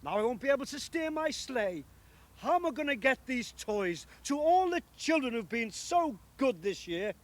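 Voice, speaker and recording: A man voicing a jolly, kindly old Father Christmas in a storybook reading, warm and fatherly. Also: extremely high pitch, sing-song, moderate pace, voice pushed up. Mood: sad.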